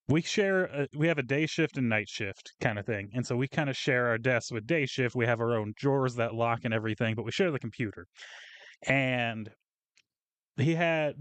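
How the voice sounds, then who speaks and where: Male co-host, profane storyteller, middle pitch, dry close recording. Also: dry recording. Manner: profane, ranting storyteller acting out coworkers. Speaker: podcast co-host. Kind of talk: casual venting chat.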